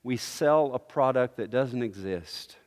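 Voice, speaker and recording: A man's voice: mid-range voice, unhurried, a little mellow. A man preaching a sermon, earnest and teaching, often restarting his phrases. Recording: long hall reverb.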